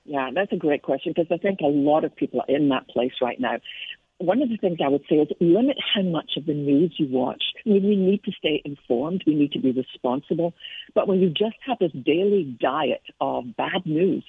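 A woman's voice: sits low, expressive, moderate pace, breathy edge, no room sound. A middle-aged woman with a Scottish accent, speaking earnestly as an interview guest, telling personal stories about faith. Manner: earnest, reflective storytelling. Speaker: Christian author and speaker, guest. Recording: tinny phone line.

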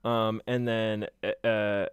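A man's voice: fairly low pitch, flat delivery, takes it slowly, smooth, no room sound, clean studio sound. A man co-hosting a podcast in casual chat, crude and giggly, rambling with fillers. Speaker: podcast co-host.

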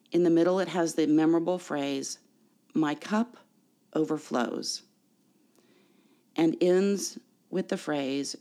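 This is a preacher giving a Sunday sermon. The delivery is measured and deliberate. The pitch sits in a middle range, and the preacher poses rhetorical questions to the listeners. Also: a little mellow. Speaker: pastor.

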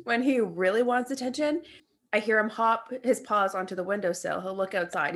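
A woman's voice: mid-range voice, fairly quick. A young adult woman co-hosting a podcast, telling stories with lots of laughter and casual swearing. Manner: animated storyteller, laughs often, swears freely. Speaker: podcast co-host. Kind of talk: casual chat.

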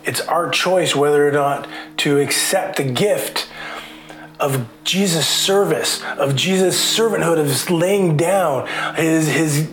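A man preaching a casual sermon, chatty and animated, acting out voices as he retells the story. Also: a little high, reverberant. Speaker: pastor.

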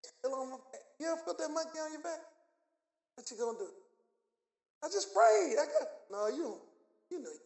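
A man preaching in a strikingly high voice, telling a testimony with animated energy and acting out the voices of the people in his story. The sound carries a strong room echo, as if picked up in a large reverberant space. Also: a little fast, pauses often. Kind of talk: sermon testimony. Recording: echoey room.

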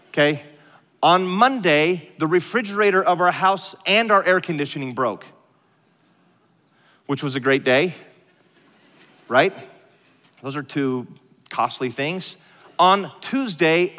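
A middle-aged male pastor delivers a sermon in a large church, his voice slightly high and bright with a forceful edge. He swings between playful, animated storytelling and hushed, earnest moments. A long reverb from the hall trails behind every phrase. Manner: animated, joking storyteller who drops to a hushed tone for serious moments.

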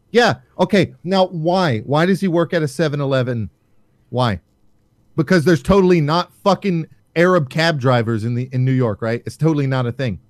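A man's voice: on the high side, lively intonation, moderate pace, no room sound, studio quality. A man hosting a casual talk show, ranting heatedly and sarcastically with plenty of swearing.

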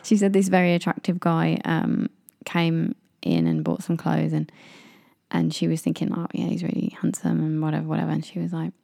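A woman's voice: low-pitched, expressive, brisk, creaky, warm tone, no room sound, clean studio sound. A young English woman chatting casually as a podcast co-host, telling stories and acting out what people said. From England. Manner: chatty storyteller, acts out quotes in raised voices. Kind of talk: casual chat.

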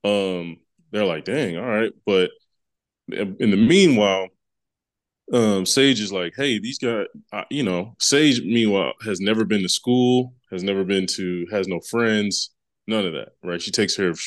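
A man's voice: deep voice, measured pace, dry recording. A man co-hosting a podcast, casually recapping a comic book story in a rambling way with many fillers and restarts. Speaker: podcast co-host.

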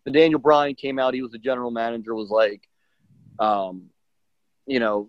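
A man's voice: medium pitch, fairly quick, dry recording. A middle-aged man, a professional wrestler, telling a story in a casual interview, acting out what people said with lots of fillers. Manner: animated, acts out quotes, many fillers. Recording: dull lo-fi dry sound.

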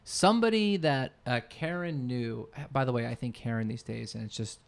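A man's voice: medium pitch, normal speed, gravelly. A man co-hosting a podcast in casual chat, rambling and searching for his words mid-sentence. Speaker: podcast co-host.

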